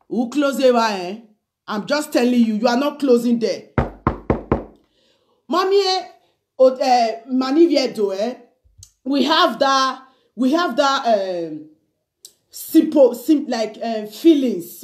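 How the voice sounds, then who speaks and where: A Nigerian woman with a high voice speaks straight to the camera in a casual video message. She pleads earnestly and switches freely between English and Pidgin. She keeps checking in with "okay?" and "you understand?". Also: darkish tone. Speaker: vlogger sending a video message. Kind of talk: casual spoken appeal to the camera.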